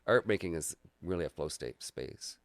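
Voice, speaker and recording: A man's voice: sits low, lively intonation, moderate pace, no room sound. A man talking as a guest in a casual conversation, reflective and earnest in manner. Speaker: graphic artist and guide, guest.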